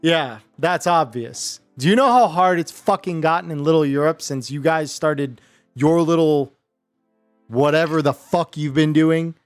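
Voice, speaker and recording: A crude, hostile mob gangster spits out profanity in rapid, snarling bursts, as a man puts him on. The voice sits a little high for a man. Soft music plays faintly behind him. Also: dry recording, close to an everyday voice. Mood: angry.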